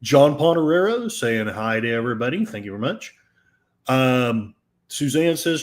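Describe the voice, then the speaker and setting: A man's voice: mid-range voice, animated, a little slow. A man hosting a livestream podcast, reading out chat messages with a sarcastic, mock-solemn delivery.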